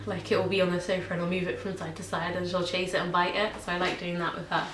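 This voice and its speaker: Talking fast in a lowish voice with little pitch movement, this British or Irish vlogger casually discusses her pets for a tag video. She fills it with ums and likes. It's recorded at home in an echoey room with faint hiss.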